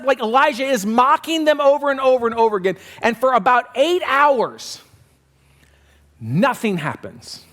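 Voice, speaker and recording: A man delivers a sermon with a fairly high voice. He preaches in an animated, conversational way, acting out quoted voices and swinging between loud emphasis and quiet, low lines. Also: normal speed. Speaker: pastor.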